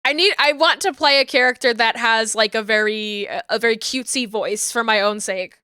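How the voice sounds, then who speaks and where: A woman streamer in casual chat, laughing often and reading messages from chat aloud, with a naturally high voice. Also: moderate pace, bright, forceful tone, smooth, no room sound, clean studio sound. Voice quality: high natural register, finds low voices hard.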